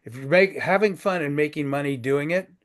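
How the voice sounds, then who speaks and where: A man in his sixties hosts a business networking group over a video call. His voice sits a little high, and he talks in a folksy, joking way, often repeating himself. It sounds like a casual chat among regulars. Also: brisk.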